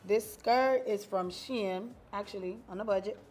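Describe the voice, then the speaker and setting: A woman's voice: mid-range voice, a little slow, darkish tone, soft background music. A young woman with a Nigerian accent, a guest content creator, talking candidly and with animation about her outfit in a clothing store. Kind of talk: casual fashion interview.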